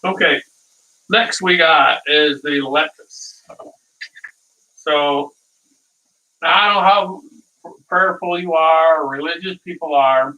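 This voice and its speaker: A man's voice: a little high, slow pace, long pauses, bright, forceful tone, highs cut off. A man hosting a casual live cooking stream, rambling through stories and chuckling at his own dad jokes, from a distant mic.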